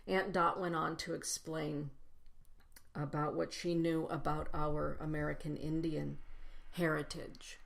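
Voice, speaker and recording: A woman with a low, deep voice gives a personal spiritual talk to a gathered congregation. She speaks reflectively, stacking phrases into lists and slowing down to land each one. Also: flat delivery, creaky.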